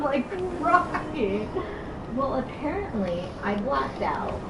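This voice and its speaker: A woman's voice: on the high side, unhurried, echoey room, far from the mic, highs cut off, background noise. A woman telling a personal story in a casual chat, quoting others as she goes. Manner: animated storytelling, quoting others, laughing often.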